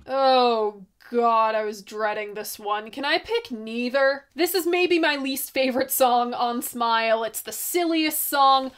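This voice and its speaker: A woman hosting her own album review series, chatting casually and expressively with excited asides. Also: high voice, measured pace, few pauses, faint music behind.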